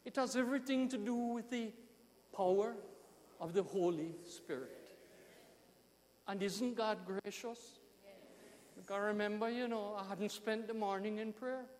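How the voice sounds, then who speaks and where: Jamaican male pastor, animated sermon storyteller, high voice, big hall echo. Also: a little slow, long pauses. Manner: animated storytelling, emphatic swings in loudness.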